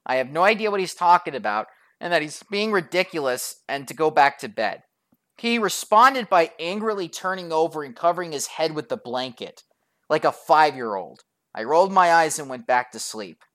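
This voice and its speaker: A woman tells a personal story to her viewers with exasperated sarcasm and frequent swearing. Her pitch swings widely between phrases, which gives the telling a lively, animated feel. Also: normal speed. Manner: profane and sarcastic. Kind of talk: storytime vlog narration.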